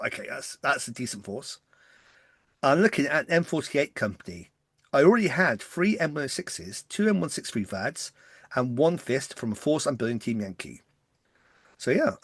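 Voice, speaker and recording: A man with a softened English West Country accent talks quickly and eagerly, rushing through his thoughts as he gets carried away. His voice sits mid-range and sounds close and dry, with no room around it. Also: medium pitch, no echo. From West Country, England. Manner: fast-talking, excitable. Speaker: podcast co-host. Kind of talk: casual chat.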